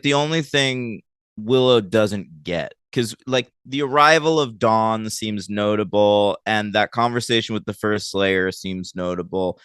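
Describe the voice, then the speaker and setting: In clean studio sound with no room sound, a man's lowish, clear, resonant voice with a bit of brightness recaps a TV episode. He's co-hosting a podcast, chatting casually and animatedly, frequently laughing and teasing his co-host.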